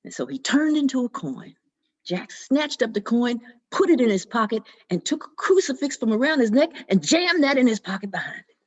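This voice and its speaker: A woman telling a folk tale in an expressive, dramatic storytelling manner. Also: a little high, moderate pace, breathy edge. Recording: dull lo-fi recording.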